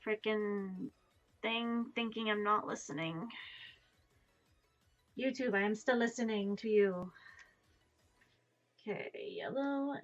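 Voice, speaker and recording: Over soft background music, a young woman draws on a home live stream and chats in a rambling, self-deprecating way, dropping the occasional casual swear. She speaks slowly in a mid-range voice, leaving long pauses. Her dull lo-fi stream mic captures it all.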